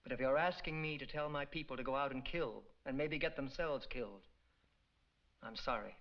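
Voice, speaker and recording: An actor playing a small-town parson who speaks haltingly and apologetically, in a dull old film soundtrack. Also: male voice, mid-range voice, natural voice. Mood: troubled.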